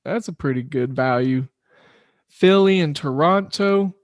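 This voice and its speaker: A man with a slightly higher voice runs a solo sports betting podcast, chatting loosely and poking fun at himself. His delivery rambles in a relaxed way. The recording is close and dry, with no room sound. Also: measured pace, dry recording. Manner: loose, rambling, self-deprecating. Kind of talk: casual solo podcast talk.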